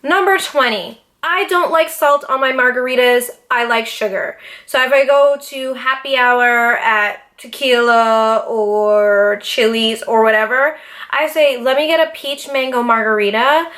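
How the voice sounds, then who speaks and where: A young woman talking straight to her camera in a casual sit-down vlog, animated, dramatic and full of swearing. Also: fairly high pitch, unhurried. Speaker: YouTuber. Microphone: camera mic, seated in front of camera.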